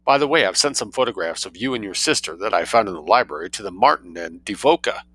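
A man voicing a suave, mischievous young man who spins outrageous tales with cool calm. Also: on the low side, fast talker, dry recording, heavily acted. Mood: sly, unruffled.

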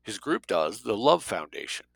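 A man voicing a blunt, sardonic male financier in an audiobook, with a gravelly voice. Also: fairly low pitch, big pitch swings, normal speed, dry recording, heavily acted, rough recording. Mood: even.

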